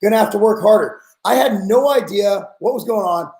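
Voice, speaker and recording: A man's voice: sits high, a little fast, darkish tone, roomy sound, poor audio. A man in his forties hosting a podcast, ranting bluntly and with exasperation in casual talk. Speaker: podcast host.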